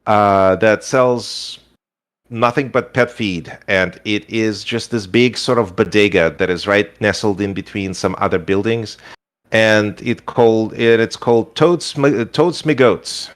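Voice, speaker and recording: A man with a fairly low voice narrates as a game master, speaking at a measured pace. He improvises loosely and rambles, filling his speech with lots of fillers.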